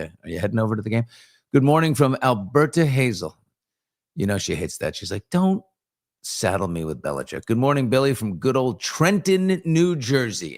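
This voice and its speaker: A man in mid pitch hosting a live morning show in a loose, chatty way. He reads out viewer greetings one after another and drops in quick asides about sports and the news. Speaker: host.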